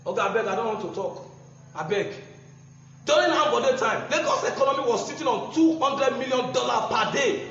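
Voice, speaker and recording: A man's voice: extremely high pitch, expressive, a little fast, fairly bright tone, slight background noise. A man with a Nigerian English accent giving an impassioned political speech, combative and mocking, often chuckling through his jabs. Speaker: political campaigner. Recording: muffled echoey hall recording.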